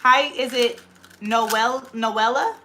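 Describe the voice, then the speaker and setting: A woman in her thirties hosting a casual livestream on her phone, chatting quickly as she reads out viewer comments. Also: on the high side, fairly even intonation, noisy background. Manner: very fast, rapid-fire talker. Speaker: livestream host.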